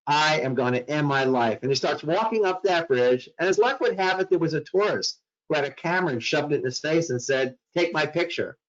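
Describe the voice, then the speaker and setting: A man's voice: a little high, expressive, brisk, hardly any pauses, muffled recording. A man giving a talk on mental health to workplace staff, telling a story dramatically and acting out the voices in it.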